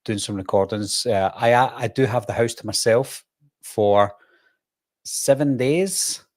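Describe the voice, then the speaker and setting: A man hosts a relaxed live-stream chat. He talks in a chatty, rambling way, doubling back on himself and laughing easily. His voice sits at an ordinary middle pitch. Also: unhurried. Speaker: host.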